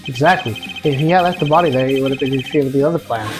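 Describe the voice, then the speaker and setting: A woman voicing a composed male prosecutor in a game voice-over, formal, measured and cutting. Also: rumbling low. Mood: stern. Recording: game music behind voice.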